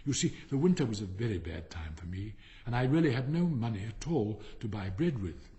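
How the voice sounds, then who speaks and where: A man's voice: on the low side, lively intonation, fairly quick, mellow, long reverb tail. A man reading as a meek, humble gardener. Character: simple, humble young gardener.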